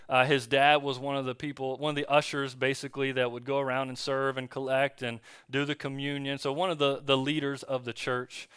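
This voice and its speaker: Male pastor, sermon, bright tense voice, dry close sound, easygoing storytelling. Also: medium pitch, clean tone, no room sound. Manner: relaxed storytelling with fillers and restarts. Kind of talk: conversational sermon. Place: church.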